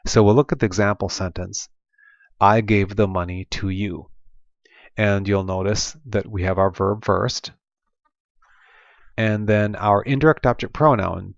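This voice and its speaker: In a dry, dull lo-fi voice-over, a fairly low-pitched man with an Oklahoma accent, from Oklahoma in the United States, patiently teaches a Spanish classroom lesson over slides, stumbling into frequent ums and restarts.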